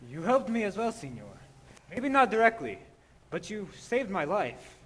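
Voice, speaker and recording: A man plays a sincere, grateful young man. His voice is high and husky and leaps expressively in pitch. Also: very animated, moderate pace, a bit bright, heavily acted. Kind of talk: live stage musical acting.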